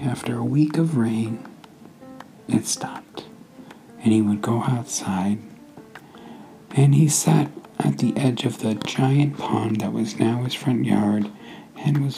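A man narrating a bedtime story in a slow, hushed half-whisper. His dark, gravelly voice sits low, and faint music plays underneath. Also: rough recording. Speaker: podcast host.

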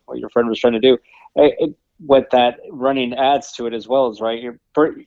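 A man's voice: medium pitch, darkish tone, no room sound, highs cut off. A man co-hosting a podcast in casual chat, explaining earnestly with many restarts and tag questions. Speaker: podcast co-host.

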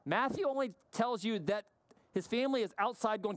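A middle-aged man preaching a sermon, emphatic and questioning, often dropping his voice low to stress a point. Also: fairly quick, no echo. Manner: emphatic, questioning, varies pace and drops low for weight. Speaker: pastor.

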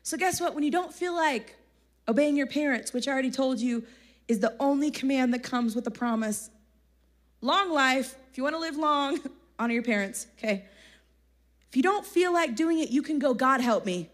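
A young woman giving a casual, energetic sermon at a youth conference, chatty and slangy, often laughing. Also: high voice, moderate pace. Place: church conference hall, live audience.

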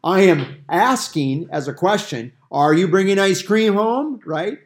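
A man's voice: high voice, lively intonation, unhurried. A man leading a Bible study discussion, explaining Greek grammar with everyday examples. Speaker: Bible teacher.

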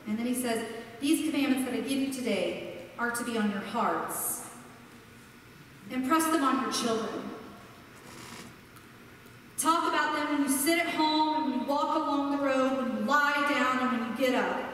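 A woman pastor preaches with passion, building emphatic lists one word at a time. Her voice sits high, and it carries from a distance through a long, echoing sanctuary. A faint hum of the room lies underneath. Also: moderate pace, fairly bright tone. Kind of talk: sermon. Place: large church sanctuary. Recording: echoey hall, heard from far off.

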